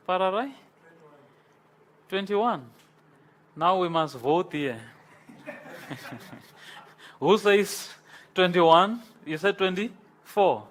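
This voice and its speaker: A man teaches a university class in a lecture room, talking slowly and deliberately. His voice sits a little higher than most men's, and he keeps repeating key terms and checking in with questions. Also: a bit bright. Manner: slow, repetitive, switches between English and Afrikaans, asks the class questions.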